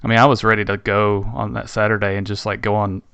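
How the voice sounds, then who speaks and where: A man co-hosting a podcast, recounting a trip in a halting way with wry complaints. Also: fairly low pitch, flat delivery, gravelly, a bit bright, clean tone, dry recording. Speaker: podcast co-host. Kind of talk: casual chat.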